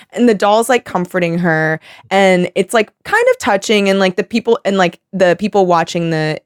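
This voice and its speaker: A woman hosting a podcast in a casual chat, animated and laughing often as she acts out quotes. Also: medium pitch, normal speed, dry recording, clean studio sound. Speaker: podcast host.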